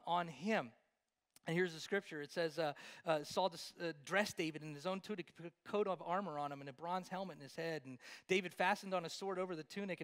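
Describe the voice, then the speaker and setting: A man preaching a sermon as pastor, animated and jokey, swinging from loud calls to hushed asides. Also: sits high.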